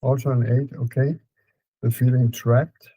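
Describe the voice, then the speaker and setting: A man with a Danish accent calmly guiding a client through a therapy session, repeating prompts slowly. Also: mid-range voice, breathy edge, no room sound, low-quality recording. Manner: calm, repetitive prompting with fillers.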